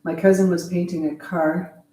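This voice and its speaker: A woman's voice: lowish voice, flat delivery, moderate pace, dark tone. Dry woman reading viewer comments, distant and echoey. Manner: dry, matter-of-fact, reading comments aloud. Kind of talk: casual live chat. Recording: roomy, distant mic with faint hiss.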